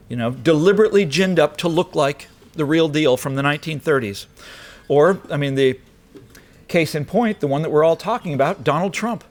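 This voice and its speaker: A man delivering a political address to an audience, emphatic and rhetorical, with wry asides. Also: a little high. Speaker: speaker. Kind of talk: political speech. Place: lecture hall.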